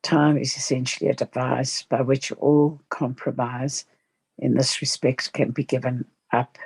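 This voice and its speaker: Spiritual text read aloud, very slow, halting, gravelly, husky, dry close sound. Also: mid-range voice, flat delivery, a little mellow, dry recording. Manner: slow, halting reading with small slips. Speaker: study group member.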